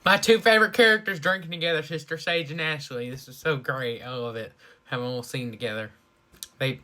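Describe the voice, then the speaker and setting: A speaker reacting to a TV episode in a casual running commentary, excitable and anxious, gasping and shouting at the big moments. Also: medium pitch. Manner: excitable, gasps and shouts at surprises, keeps saying she's worried. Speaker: TV reaction reviewer.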